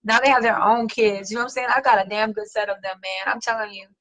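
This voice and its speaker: A middle-aged woman hosting a casual chat, reading viewer comments, slangy and animated, swearing casually and laughing often. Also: medium pitch, fast talker, low-quality recording. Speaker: host.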